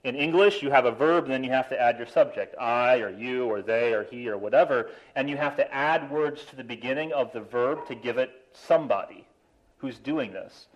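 A man preaching a sermon, animated, stressing key words and slowing down for emphasis. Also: mid-range voice, muffled recording. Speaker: pastor.

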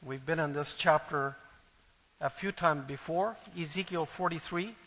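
Earnest preacher, high bright voice. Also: male voice, a little slow, in a large hall, low-quality recording. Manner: earnest, swelling louder on key phrases. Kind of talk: sermon with scripture reading.

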